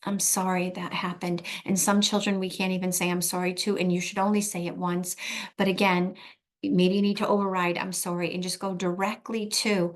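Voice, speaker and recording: A middle-aged woman, a therapist, giving earnest advice in a direct talk, slowing down to stress key points. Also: on the low side, flat delivery.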